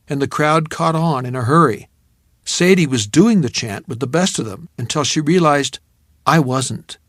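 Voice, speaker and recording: A man narrates a novel in the first person, measured and reflective. His voice sits a little high for a man. The studio mic catches it dry and close, with no room around it. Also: expressive, a bit bright, dry recording. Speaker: audiobook narrator.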